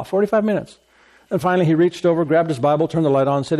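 A man preaching a sermon as pastor, emphatic and repetitive, with deliberate bursts of laughter. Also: fairly high pitch, mellow.

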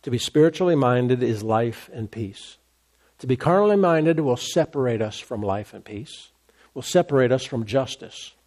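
A man preaching a sermon as a pastor, animated, acting out complaining voices along the way. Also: medium pitch, normal speed.

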